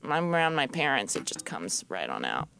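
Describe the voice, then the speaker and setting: A woman's voice: a bass voice, normal speed, gravelly. A woman from Georgia working as a matchmaker, chatting casually on a panel and laughing as she tells stories. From Georgia, US South. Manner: laughing, lively storyteller.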